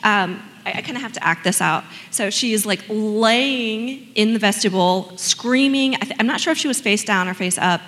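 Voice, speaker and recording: A woman's voice: medium pitch, normal speed, hardly any pauses, big-room sound. A woman telling parenting stories in casual chat, laughing often as she tells them. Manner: laughing, animated storytelling.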